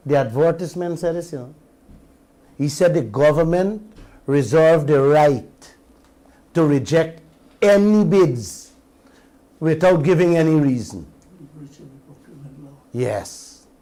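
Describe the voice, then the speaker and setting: Slow, preaching Guyanese radio host. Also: male voice, on the high side, mellow. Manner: preaching, rhetorical questions to listeners; mixes standard English with creole. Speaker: radio talk show host. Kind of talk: impassioned radio commentary.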